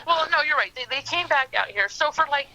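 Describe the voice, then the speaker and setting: A woman's voice: high-pitched, lively intonation, fairly quick, sharp tone, rough recording. A middle-aged woman from Southern California, chatting as a podcast guest and rambling with lots of fillers. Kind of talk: casual chat.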